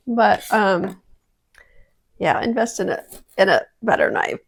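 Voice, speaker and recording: A woman's voice: medium pitch, unhurried, gravelly, pauses often, slightly rough. A woman casually testing kitchen gadgets at home, chatty and prone to dramatic exclamations. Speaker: product-testing vlogger. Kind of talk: casual kitchen product review.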